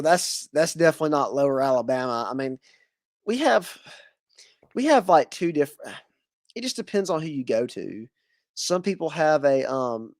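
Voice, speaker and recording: A man's voice: a little high, no echo, clean studio sound. A man with a Southern US accent hosting a casual podcast interview, rambling with lots of fillers and restarts. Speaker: podcast host.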